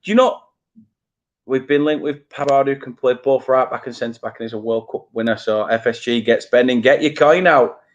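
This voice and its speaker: Self-mocking lad with a Burnley accent. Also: male voice, mid-range voice, normal speed, muffled recording. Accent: Burnley, Lancashire. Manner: casual, self-mocking, stumbles over names. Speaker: fan channel host. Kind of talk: live watchalong chat, reading chat comments.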